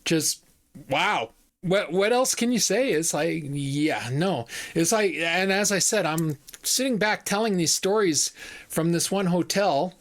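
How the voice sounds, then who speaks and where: A man's voice: high voice, lively intonation, measured pace. A man in his fifties telling a story to camera in a chatty, casual way, often repeating himself and using fillers. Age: 50s. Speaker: vlog host.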